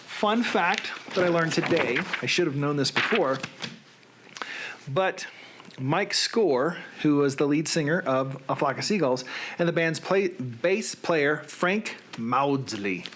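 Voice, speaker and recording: A man's voice: on the high side, animated, takes it slowly, noisy background. Rambling man hosting a home show. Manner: rambling, self-deprecating. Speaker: host. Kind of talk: casual chat.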